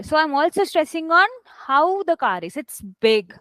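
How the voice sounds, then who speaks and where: A woman with a high voice teaches a live online English class. She speaks close to the mic in a dry, dead-sounding space, leaning hard on key words as she demonstrates them. She checks in with her students often. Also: lively intonation, moderate pace, a bit bright, no room sound. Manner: explains with examples, often checks with "right?"; stresses words heavily to demonstrate. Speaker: English test instructor.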